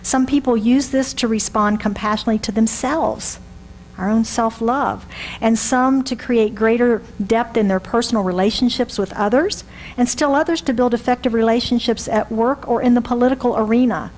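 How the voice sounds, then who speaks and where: Older woman minister, relaxed conversational sermon delivery with rhetorical questions; faint hum under the recording. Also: fairly high pitch, moderate pace, low-quality recording. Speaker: reverend.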